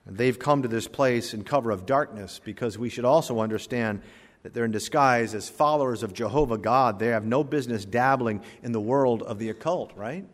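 Preacher with dramatic loud-soft delivery, reverberant hall. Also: male voice, medium pitch, moderate pace. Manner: dramatic preaching, swinging between loud emphasis and quiet asides; reads scripture in King James wording. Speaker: pastor. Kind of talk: sermon.

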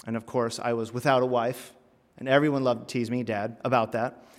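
A man preaching a sermon and telling a humorous personal story, animated, with sudden loud, emphatic bursts and quiet drops. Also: mid-range voice, brisk. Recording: long hall reverb.

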